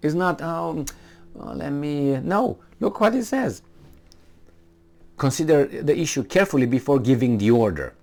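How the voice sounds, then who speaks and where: A man's voice: a little high, expressive, moderate pace, creaky, darkish tone. A man giving casual, sarcastic commentary on a news story he reads aloud, rambling with many fillers and restarts.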